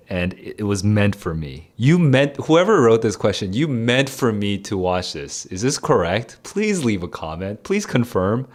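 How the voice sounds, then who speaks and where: A young tutor streamer with a lowish voice works through test questions aloud, muttering as he reads. He laughs often and exclaims "dude."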